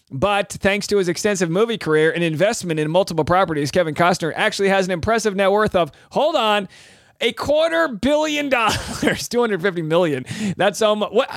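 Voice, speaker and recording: A man's voice: sits high, fairly bright tone, no room sound, studio quality. A man hosting a podcast, chatting casually and joking, upbeat and talkative. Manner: chatty, joking, upbeat, repeats lines aloud. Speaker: podcast host. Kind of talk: casual chat.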